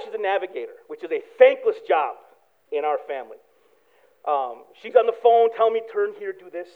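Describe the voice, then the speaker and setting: A man preaching a sermon, telling a personal story with animated swings from hushed prayer to loud excitement. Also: high-pitched. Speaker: pastor. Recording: tinny phone-like sound.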